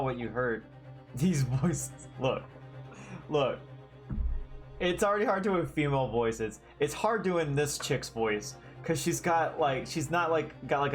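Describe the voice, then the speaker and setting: A man streaming a game, chatting casually and rambling with lots of fillers and giggles. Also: fairly high pitch. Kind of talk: casual live-stream commentary.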